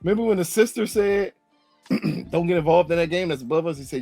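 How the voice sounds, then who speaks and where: Gravelly, animated male co-host. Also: fairly high pitch, brisk, faint music behind. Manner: animated, jokey. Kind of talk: casual recap chat.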